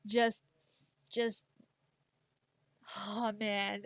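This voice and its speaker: A woman's voice: mid-range voice, fairly even intonation, takes it slowly, a bit bright, no echo. A young woman with a Spanish accent, chatting casually on a stream while she draws, rambling and poking fun at herself. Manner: rambling, self-deprecating, laughs often.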